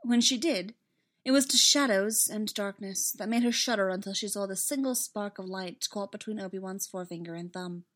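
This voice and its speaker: Woman narrator, expressive dramatic storytelling, mid-pitched voice. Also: normal speed. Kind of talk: storybook reading of fan fiction.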